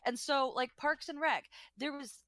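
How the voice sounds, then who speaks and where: A woman's voice: high voice, a little slow, sharp tone, no echo. A woman co-hosting a casual review podcast, earnestly explaining her taste in comedy and defending it. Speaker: podcast co-host. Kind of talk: casual chat.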